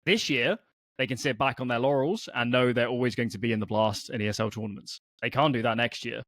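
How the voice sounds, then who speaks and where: A man, a guest analyst, explaining points in a measured way with frequent ums in a podcast discussion. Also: medium pitch, fairly bright tone, dry recording, clean studio sound.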